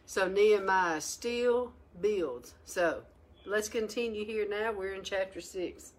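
A woman leading a Bible study, exhorting her listeners emphatically with sharp rises in pitch. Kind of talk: lively Bible teaching.

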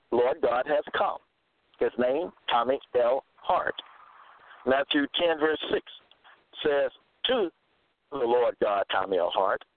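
This man, a medium-pitched speaker, presents himself as a religious teacher. He reads passages of scripture and explains what they mean, hammering key phrases through repetition. The sound is thin and phone-like, with a dry quality.

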